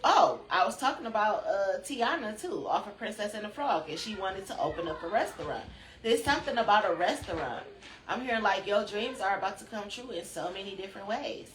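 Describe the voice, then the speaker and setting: A woman's voice: mid-range voice, animated, a little fast, slight background noise. Woman talking sleepily in an echoey room. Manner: drowsy, chatty, loose and profane. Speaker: spiritual channel host. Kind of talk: rambling spiritual live chat.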